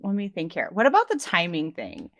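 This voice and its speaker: A woman co-hosting a casual gossip podcast, animated and laughing as she recaps reality TV. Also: lowish voice, a little fast, creaky, dry recording. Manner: animated, laughs often, mimics quotes. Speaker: podcast co-host.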